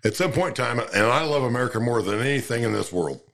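A man's voice: medium pitch, animated, fast talker, creaky, fairly bright tone. Rambling, profane farmer man. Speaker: farmer, podcast guest. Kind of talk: casual podcast chat.

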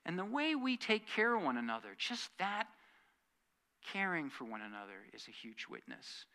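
A man delivering an earnest sermon from the pulpit. His voice sits a little high, with a bright, forceful edge. He pushes key lines out loudly, then drops to soft, quiet asides. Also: big pitch swings, normal speed. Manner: earnest preaching that swings from loud emphasis to quiet asides. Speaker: pastor.

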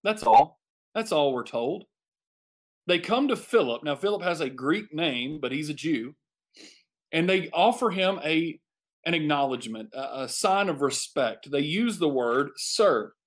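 Emphatic preacher man, slightly high voice. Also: expressive, a little slow. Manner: emphatic, repeats phrases for effect. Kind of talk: sermon.

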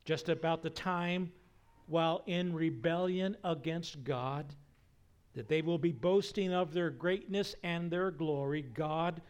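A male preacher delivering a sermon in a slow, deliberate way. His voice sits a little high, and he acts out quotes loudly, then drops almost to a whisper for effect. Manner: slow, emphatic delivery with wide swings in pitch and loudness. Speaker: pastor.

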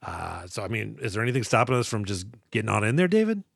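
A man's voice: on the low side, big pitch swings, quick pace, vocal fry, husky, no room sound, clean studio sound. Joking, self-deprecating podcast co-host man. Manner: jokey, self-deprecating, swears freely. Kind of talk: casual comedy podcast chat.

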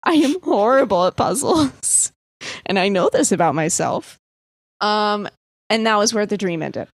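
A woman's voice: mid-range voice, lively intonation, a little slow, no echo. A young woman from the US East Coast casually telling friends a story, chatty, full of "like," swearing and laughing as she goes. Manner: chatty, lots of "like", swears, laughs mid-sentence.

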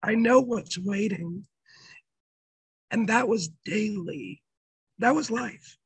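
A man with a strikingly raspy, damaged voice, pitched high and full of gravelly fry. He tells his story earnestly and emotionally, stumbling over restarts. The recording is dry and close. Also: slow pace, no room sound, rough recording. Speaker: pastor, interview guest. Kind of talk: testimony in an interview.

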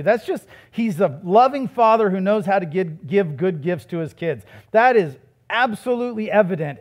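A man's voice: on the high side, darkish tone. A man who is a pastor, preaching a sermon in a conversational way that builds to emphatic, raised passages.

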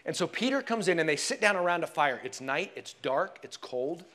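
A man preaching a sermon in a church, telling the story expressively and dropping to hushed tones for emphasis. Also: a little high, animated, fairly quick. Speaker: pastor.

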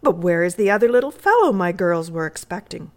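A woman's voice: on the low side, expressive, brisk. Woman doing a hearty, teasing old doctor. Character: gruff, kindly older male doctor.

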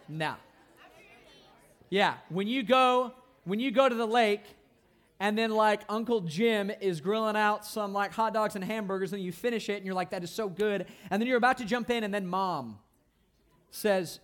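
A young man leads a youth sermon in a playful, animated way. His voice sits high for a man. He keeps checking in with the crowd as he talks. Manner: animated, playful, asks the crowd "right?" often. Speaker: youth pastor.

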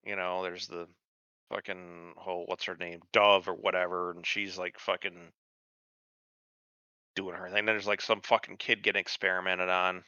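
Man, bright voice, dry muffled sound, rambling swearing chat. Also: low-pitched, moderate pace, clear, resonant tone, no room sound. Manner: rambling, swears a lot, lively. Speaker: podcast co-host. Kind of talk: casual profane chat.

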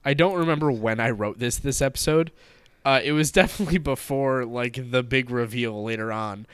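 A man's voice: medium pitch, moderate pace, fairly bright tone, clean tone, dry recording. A man co-hosting a casual podcast, often restarting words and laughing at his own blunt jokes. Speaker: podcast co-host. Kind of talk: casual chat.

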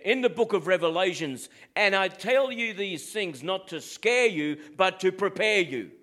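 A man's voice: high-pitched, fairly bright tone. A middle-aged Australian man preaching a sermon as pastor, in a plain-spoken, direct way.

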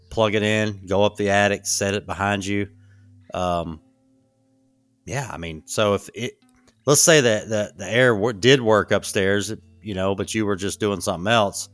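A man's voice: on the low side, a bit bright, smooth, no echo. A man who is a podcast guest, explaining things in a loose, rambling way and restarting his sentences often. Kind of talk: casual conversation.

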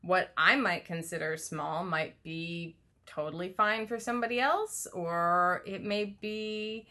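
A woman's voice: lowish voice, slow pace, sharp tone. A woman co-hosting a casual podcast chat who teases boldly and laughs often. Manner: laughing, teasing, bold. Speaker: podcast co-host.

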